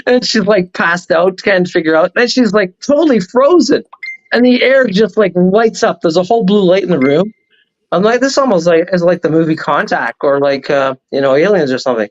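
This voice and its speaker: A man speaking as a show guest, telling a long personal story in a rambling, animated way. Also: high voice, normal speed, lo-fi sound. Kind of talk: casual storytelling on a talk show.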